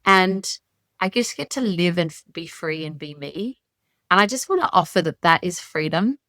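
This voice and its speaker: A woman's voice: fairly low pitch, moderate pace, no echo. Chatty middle-aged Australian woman, dry sound. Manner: animated, rambling storyteller who acts out her own past thoughts. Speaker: podcast guest. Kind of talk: storytelling in a podcast interview. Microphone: remote call.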